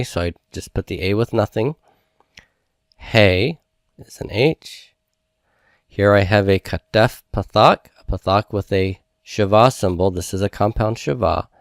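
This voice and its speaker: A man's voice: fairly low pitch, gravelly, no echo, studio quality. A male teacher going over homework, explaining each step in a methodical, patient way. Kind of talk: homework review lesson.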